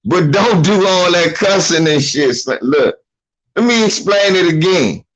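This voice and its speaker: Animated man in profane commentary. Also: sits high, rough recording. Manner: animated, laughing, mimics voices. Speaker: commentator reacting to a video.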